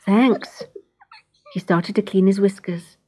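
A woman reading a children's storybook aloud, gentle and expressive, often dropping into a whisper. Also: mid-range voice, a little slow, very noisy.

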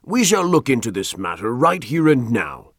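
A man's voice: mid-range voice, very animated, moderate pace, slightly rough, no echo, studio quality, pitched above the performer's own voice. A man voicing a stern, judgmental governor in an audiobook, speaking in a commanding tone.

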